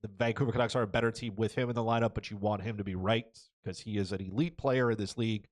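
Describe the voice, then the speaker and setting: A man's voice: fairly low pitch, steady tone, fast talker. A man hosting a podcast, giving blunt, opinionated sports commentary and often tagging his points with "right?" or "okay?". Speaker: podcast host.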